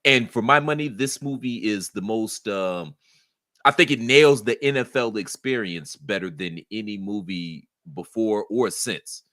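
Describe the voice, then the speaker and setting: A man co-hosting a casual podcast chat, wry and given to dramatic pauses. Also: fairly low pitch, a bit bright, dry recording, studio quality. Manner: dramatic, wry, slows for emphasis. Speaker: co-host.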